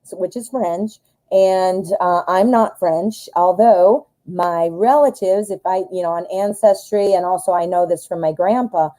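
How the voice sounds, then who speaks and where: On a low-quality recording, an American woman hosts a live-stream tarot reading in a lowish, somewhat slow, mellow voice. She's a married adult who rambles, thinks out loud with lots of fillers, and wanders into tangents while poking fun at herself.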